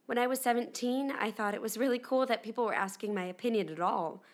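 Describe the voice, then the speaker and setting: Quick and fairly high-pitched, this actress sounds close to an everyday voice as she portrays a rattled, candid pop star in her twenties. It's an audio drama monologue, chatty and rambling, with "like" dropped in constantly.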